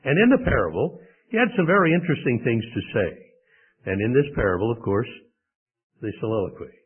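A man's voice: medium pitch, big pitch swings, a little fast, breathy edge. A male preacher from the United States delivering an emphatic sermon with rhetorical questions. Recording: tinny phone-like sound.

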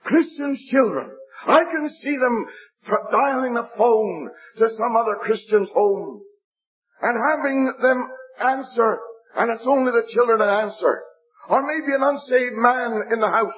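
An older man preaching a sermon, telling stories earnestly, repeating phrases and pleading with his listeners. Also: high voice. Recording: dull lo-fi recording.

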